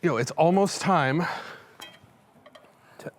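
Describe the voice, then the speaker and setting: A man's voice: on the high side, takes it slowly, soft background music. A man hosting a cooking show, chatting in a rambling, self-mocking, nervous-joking way. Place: studio kitchen.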